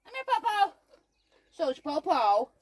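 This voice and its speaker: A woman's voice: high voice, sing-song, slow pace. A woman outdoors in a goat yard, coaxing and calling the goats by name in a sing-song way. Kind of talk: coaxing animals on a farm. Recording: outdoor camera audio with farm noise.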